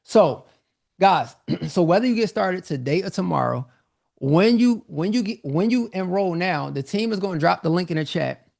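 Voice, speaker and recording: A man hosting a live online webinar, pitching a business course in an energetic, repetitive, informal style, a little out of breath. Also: moderate pace, creaky. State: slightly out of breath.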